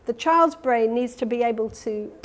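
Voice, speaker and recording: A woman's voice: fairly high pitch, moderate pace. Woman giving an academic lecture. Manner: explanatory, with self-corrections and fillers. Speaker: keynote lecturer. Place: conference hall.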